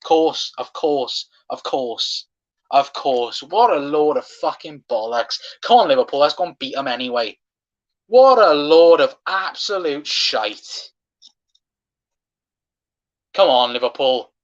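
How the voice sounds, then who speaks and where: A man's voice: mid-range voice, normal speed, dull audio. Ranting, swearing football fan man. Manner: passionate, swearing, ranting at referee decisions. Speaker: fan watchalong host. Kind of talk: live football watchalong commentary.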